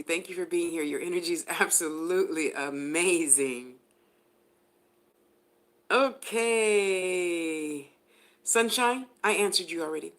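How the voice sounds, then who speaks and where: A woman giving a live spiritual reading to viewers. She talks in a chatty way, laughs often, and addresses people by name. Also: on the low side. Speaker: spiritual reader.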